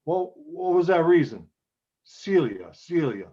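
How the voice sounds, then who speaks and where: A man's voice: a little high, sing-song, mellow, lo-fi sound, exaggerated voice. A man playing a desperate young husband begging his wife to stay, in an acting class scene over a video call. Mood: pleading. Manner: pleading, halting repetitions.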